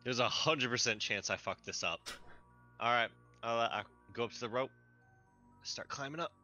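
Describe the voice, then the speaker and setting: Player, male, bright and lively voice, self-mocking table talk over a dull mic. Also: medium pitch, normal speed, soft background music. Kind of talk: casual chat at a game table.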